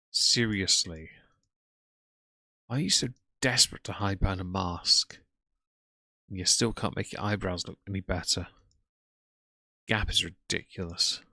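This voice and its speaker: A man with a very low voice delivers sneering live commentary on someone else's stream. His voice sounds close and dry, with almost no room around it. He mocks the streamer and greets his own chat in between. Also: bright, forceful tone, dry recording. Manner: scornful, mocking running commentary. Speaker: commentary streamer reacting to a livestream.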